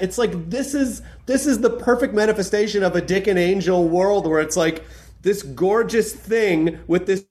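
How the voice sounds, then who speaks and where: A man's voice: high-pitched, moderate pace, darkish tone. A man hosting a podcast, chatting effusively and rambling with lots of fillers. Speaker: podcast host. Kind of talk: casual chat.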